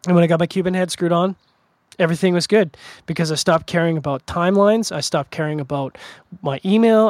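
A middle-aged man from Canada chats casually on a podcast, wandering through stories with lots of "you know" and restarts. His voice sits a little high for a man. The sound is dry and close, with no room around it. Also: a little mellow, dry recording. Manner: rambling storyteller with frequent restarts and fillers. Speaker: podcast co-host. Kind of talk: casual chat.

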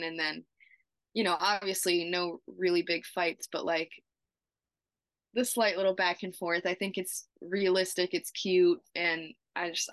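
A woman's voice: lowish voice, fairly bright tone, dry recording. A woman co-hosting a podcast, chatting casually about a TV episode with lots of "like" fillers. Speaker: podcast co-host. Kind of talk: casual TV episode recap chat.

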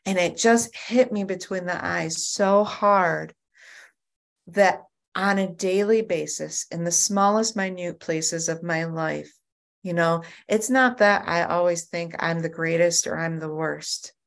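Her voice is gravelly and on the low side, and she takes her time. A woman on a video call tells her story at a recovery group meeting, animated and prone to frequent restarts.

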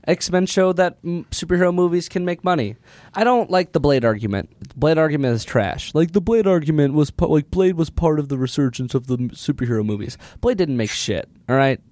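A man's voice: fairly high pitch, lively intonation, normal speed, darkish tone, dry recording. A man co-hosting a casual movie review chat, talking animatedly, laughing often and acting out mock quotes. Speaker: podcast co-host.

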